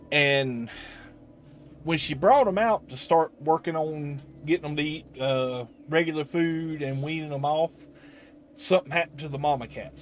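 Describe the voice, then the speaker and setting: A man hosts a relaxed game live stream, chatting freely and answering viewers. His voice sits a little high, and he often restarts his sentences. Faint music plays underneath. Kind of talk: casual live-stream chat.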